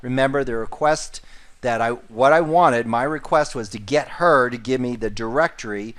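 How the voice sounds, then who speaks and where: A man's voice: medium pitch, normal speed, a bit bright. A man teaching a sales course, repeating key points and stressing important words. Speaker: sales trainer. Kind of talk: instructional course narration.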